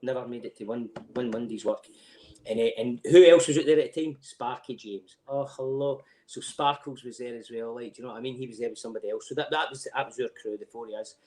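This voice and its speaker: A middle-aged Scottish man tells rowdy stories at a rapid clip as a podcast guest. His voice sits at an ordinary male pitch. He is animated, swears freely and laughs as he goes. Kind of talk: casual anecdote telling.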